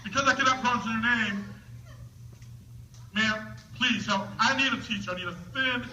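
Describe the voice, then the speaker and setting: High-voiced playful showman in an echoey hall. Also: moderate pace, bright, forceful tone, distant mic, muffled recording, a little hiss or hum. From northern United States. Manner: playful, teasing, jokey showman. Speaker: school assembly presenter. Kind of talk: comedic science show for children. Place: school auditorium with a live audience.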